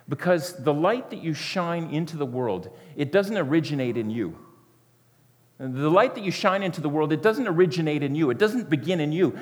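Casting: male preacher, fairly high voice, earnest sermon delivery with hushed passages, long hall reverb. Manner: earnest, repetitive, often dropping to a soft hush.

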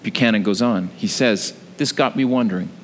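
A man preaching a sermon, telling a story with lively delivery and frequent ums and uhs. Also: lowish voice, fairly quick, slight background noise. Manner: animated storytelling with frequent fillers. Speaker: pastor. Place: church sanctuary. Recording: long hall reverb.

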